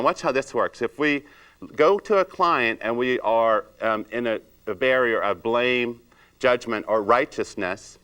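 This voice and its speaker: A man leading a salon industry training seminar, acting out client chats and asking the room rhetorical questions. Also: mid-range voice. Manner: animated, acts out client chats in raised voice.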